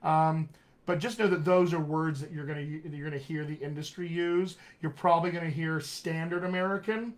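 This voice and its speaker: Male dialect coach, chatty and emphatic, slightly raised pitch, live online lesson. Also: steady tone, a little fast. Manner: opinionated, conversational, emphatic. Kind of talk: live-streamed accent lesson.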